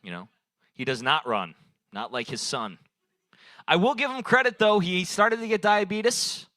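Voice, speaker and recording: A man's voice: sits high, sing-song, measured pace, bright, forceful tone, no echo. Rambling young man doing crowd work. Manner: loose, rambling, swearing, laughing at his own jokes. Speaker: open mic comedian. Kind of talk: improvised stand-up crowd work. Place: small bar stage. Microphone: handheld stage mic.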